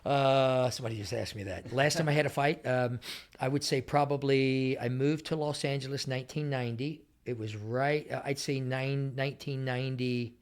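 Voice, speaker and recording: A man's voice: medium pitch, moderate pace. A middle-aged man answering interview questions casually, telling stories and acting out the people he quotes. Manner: animated storyteller, acts out quoted people. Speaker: interview guest.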